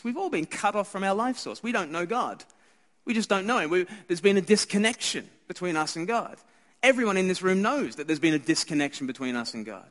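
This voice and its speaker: High-voiced Australian man preaching in a hall. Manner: earnest, conversational, with frequent restarts and hushed asides. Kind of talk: Christmas sermon. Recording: hall reverb.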